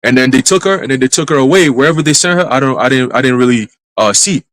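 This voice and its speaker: A man in a live church stream telling a dream as testimony, in brisk street slang with some cursing. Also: medium pitch, fairly bright tone, a little hiss or hum, rough recording. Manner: brisk storytelling full of street slang and profanity. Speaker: church minister.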